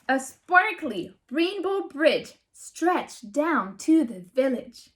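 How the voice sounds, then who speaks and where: A woman reading her own children's picture book aloud, expressive and animated, pausing to ask young listeners questions. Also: high-pitched. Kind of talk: children's storybook read-aloud.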